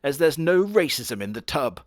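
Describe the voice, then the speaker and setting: A man's voice: fairly high pitch, sing-song, normal speed, dry recording, studio quality, voice pushed up. A man mocking a smug young anime hero.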